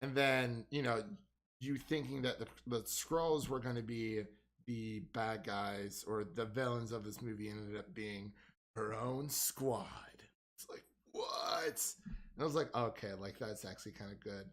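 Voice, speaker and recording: A man's voice: lowish voice, steady tone, moderate pace. Rambling man reviewing films casually. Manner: rambling, heavy "like" filler, laughs often. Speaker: movie review co-host. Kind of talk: casual chat.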